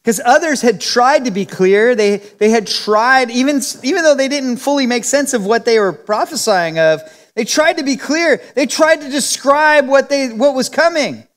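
A man's voice: extremely high pitch, expressive, normal speed, few pauses. A man preaching a verse-by-verse Bible teaching, talking conversationally and acting out the quotes in different voices. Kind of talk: expository Bible teaching sermon. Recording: long hall reverb.

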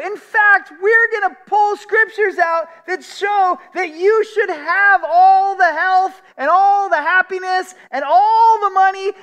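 A man's voice: very high voice, pitched above the performer's own voice, heavily acted. A man voicing a smug, selfish male prosperity preacher caricature, mocking and overblown. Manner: mocking, shouting, overblown hype. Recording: long hall reverb.

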